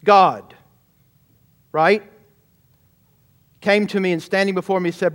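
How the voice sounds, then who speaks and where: A man's voice: sits high, little pitch movement, moderate pace, pauses often. A man, a pastor, preaching a sermon emphatically and often calling out questions to his congregation.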